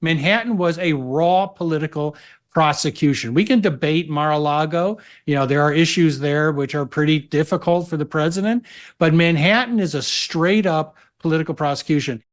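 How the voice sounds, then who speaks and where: A man appearing as a legal analyst guest on a talk show, making his argument in a measured way. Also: a little high. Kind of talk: political talk show conversation.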